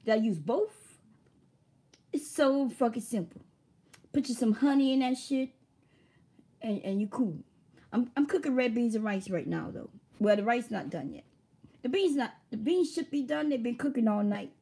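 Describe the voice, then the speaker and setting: Husky woman on her livestream, a bit high-pitched, just chatting loose and cussing. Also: expressive, normal speed, long pauses, dark tone. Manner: chatty, laughs often, swears freely. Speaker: livestream host. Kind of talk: casual livestream chat.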